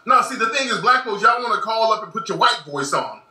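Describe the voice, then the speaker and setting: A man's voice: high voice, sing-song, brisk, bright, forceful tone. Blunt emphatic man, echoey room. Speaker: commentator. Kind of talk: casual monologue. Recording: echoey room, far from mic.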